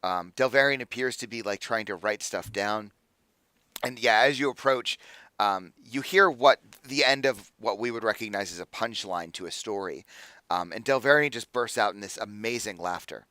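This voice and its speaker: A man's voice: on the low side, moderate pace, sharp tone, dry recording. A man narrating a tabletop game as game master, casual and full of filler words. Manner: casual, many fillers, hesitant.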